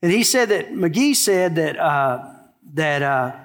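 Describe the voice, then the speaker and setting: A man's voice: a little high, lively intonation, slow, in a large hall. A man preaching a sermon as a pastor, earnest and emphatic, repeating key phrases for weight.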